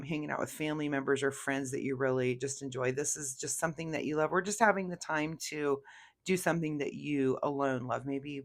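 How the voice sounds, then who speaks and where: A tarot reader giving a casual weekly reading, rambling and chatty, with many fillers. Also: medium pitch.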